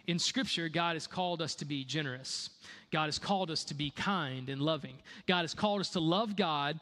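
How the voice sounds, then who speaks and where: Conversational high-voiced male pastor. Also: normal speed, pushed and bright, big-room sound. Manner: conversational, repeats key phrases, rhetorical questions. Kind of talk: sermon.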